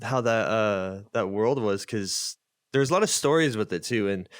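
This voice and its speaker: A man's voice: on the low side, expressive, normal speed, clear, resonant tone, dry recording, clean studio sound. A man hosting a casual podcast chat, reacting with enthusiasm and rambling through loose asides. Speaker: podcast host.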